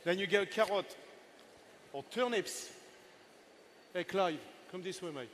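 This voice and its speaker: An older man in his sixties, a chef running a live cooking demo on stage. His voice sits a bit high for a man, and he chats playfully with his helpers and the audience as he works. A faint hum of ambient noise sits behind him. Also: measured pace, a bit bright. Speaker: chef giving a cooking masterclass.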